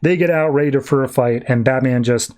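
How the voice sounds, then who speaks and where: A man's voice: mid-range voice, a little fast, darkish tone. A man hosting a podcast who recaps a comic book in a chatty, jokey way. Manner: chatty, jokey, acts out characters. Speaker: podcast host.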